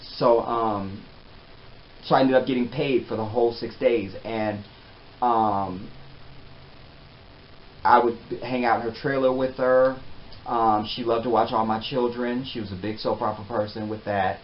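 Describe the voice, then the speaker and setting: A man telling a personal story in a casual, animated way, often trailing off softly. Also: medium pitch, unhurried, pauses often. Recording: slightly dull with faint hiss.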